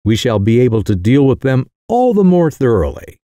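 A man's voice: medium pitch, moderate pace, no room sound, studio quality, close to an everyday voice. A man doing a sly, coolly careless young schemer. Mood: cool, mock-grave. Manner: calm, careless, mock-serious. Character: sly young man, cool mischief-maker posing as secretary.

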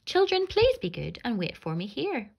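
A woman voicing a gentle, loving father in a storybook, speaking kindly to his children. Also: a little high, huge pitch swings, normal speed, gravelly, dull audio, pitched above the performer's own voice, heavily acted.

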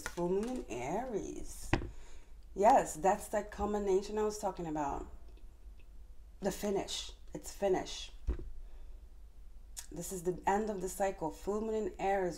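A woman giving a tarot reading to viewers, talking fast and passionately and calling on Spirit. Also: mid-range voice, darkish tone. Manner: addresses viewers directly, calls on Spirit. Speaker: tarot reader.

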